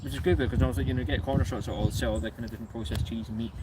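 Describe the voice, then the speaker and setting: Scottish man, quick banter, swears, outdoor recording with noise. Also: medium pitch, steady tone. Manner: chatty, joking, swears freely. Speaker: vlogger. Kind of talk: casual banter on a train platform. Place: outdoors at a railway station.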